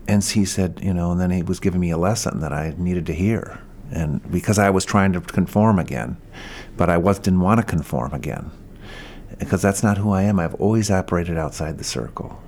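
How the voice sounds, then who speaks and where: A man's voice: sits low, fairly quick, a little mellow, slight background noise. A man talking earnestly as an interview guest, telling a story in a reflective way. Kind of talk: casual interview talk.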